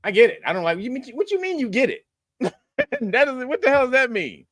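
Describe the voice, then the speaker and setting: A man's voice: very high voice, big pitch swings, a little fast, no echo. A man hosting a news commentary show, blunt and profane, lecturing his viewers. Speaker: host.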